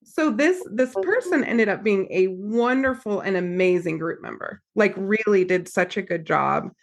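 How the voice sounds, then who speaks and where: An American woman therapist talks casually on a podcast. She tells stories in an animated way and acts out what people said. Her voice sits at an ordinary middle pitch. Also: moderate pace. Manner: animated storyteller, acts out quotes. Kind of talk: casual storytelling chat.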